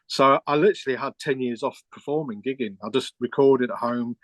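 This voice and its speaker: A man's voice: mid-range voice, brisk, a bit bright, no room sound. A middle-aged man, a keyboard player, telling a rambling story with restarts and quoted dialogue in a casual interview.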